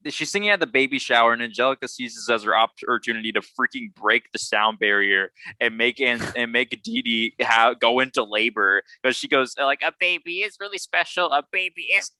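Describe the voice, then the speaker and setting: A young man chatting casually about a movie, full of fillers and quick laughs. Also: medium pitch, pushed and bright, no room sound, low-quality recording. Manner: chatty, many fillers, laughs often, slips into cartoon voices. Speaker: podcast co-host.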